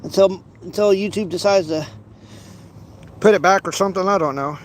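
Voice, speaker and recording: A man's voice: sits high, normal speed, a little hiss or hum. A man casually chatting to his livestream viewers while fishing outdoors, rambling with many restarts and playful teasing. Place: outdoors by a pond.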